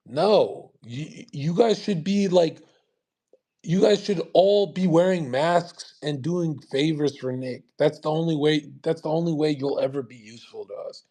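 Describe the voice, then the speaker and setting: Dude going off in a live audio chat, swearing nonstop, mocking and repeating himself, raspy voice. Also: male voice, fairly high pitch, moderate pace, dark tone. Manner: profane, aggressive and scornful, repeats himself. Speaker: online streamer.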